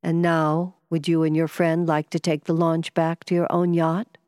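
A serene, wise male doctor speaks calmly and reassuringly, as a woman reads him aloud. Her voice stays low and close to the mic. A long reverb tail lingers behind it. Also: normal speed, lightly acted. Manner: calm, gently reassuring.

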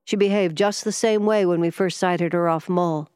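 Blunt sea captain, woman reading it, low plain voice, no fuss. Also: fairly even intonation, moderate pace, a little mellow, clean tone, no echo, clean studio sound, long reverb tail, lightly acted. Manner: blunt, matter-of-fact. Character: blunt ship's captain, middle-aged man.

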